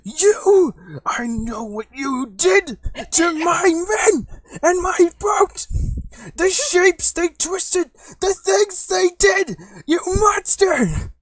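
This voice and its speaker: A man's voice: very high-pitched, expressive, fast talker, hardly any pauses, bright, forceful tone, no room sound, pitched above the performer's own voice, exaggerated voice. A man voicing a furious captured male henchman who rants and screams melodramatically. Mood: screaming.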